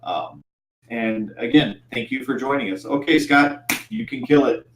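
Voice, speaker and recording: A man runs a tabletop game at a mid-range pitch, narrating with many ums, uhs and restarts. He sounds roomy and echoey, with a faint hum underneath. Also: measured pace. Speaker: game master.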